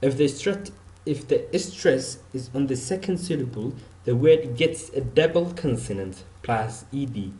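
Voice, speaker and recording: A man's voice: mid-range voice, lively intonation, unhurried, mellow, reverberant. A man teaching an online English grammar lesson, repeating example words and saying "okay" often.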